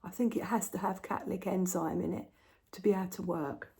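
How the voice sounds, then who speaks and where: A woman's voice: fairly low pitch, fairly even intonation, brisk, gravelly, warm tone. A woman chatting casually at home while she stitches, talking to her pets as she works. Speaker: embroidery vlogger.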